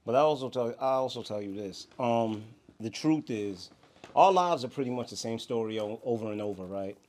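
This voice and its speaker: A man's voice: medium pitch, animated, normal speed, darkish tone. Laid-back New York man telling stories. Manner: laid-back, storytelling, laughs at his own stories. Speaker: podcast co-host. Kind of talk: casual chat.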